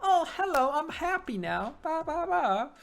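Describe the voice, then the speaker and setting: A man voicing a cheerful young shark girl in a squeaky falsetto, gushing and excitable. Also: normal speed. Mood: giddy.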